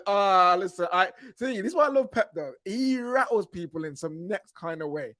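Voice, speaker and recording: A laid-back young man hosts a fan podcast in a fairly high voice. He talks in loose slang with stumbling restarts, and the sound is close and dry. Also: normal speed, hardly any pauses, a bit bright, dry recording. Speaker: podcast host reading super chats. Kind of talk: casual podcast chat.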